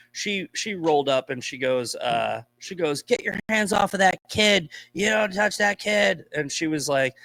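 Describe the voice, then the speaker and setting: A man's voice: mid-range voice, creaky, dry recording. A man from Boston, a podcast guest, telling stories in blunt, profane casual chat. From Boston, USA.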